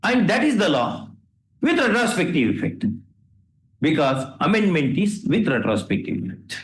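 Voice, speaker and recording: A judge with an Indian English accent lectures and scolds the lawyers with rhetorical questions. His voice sits a touch high for a man. The courtroom around him sounds roomy and echoey. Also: very animated, normal speed. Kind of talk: courtroom remarks from the bench.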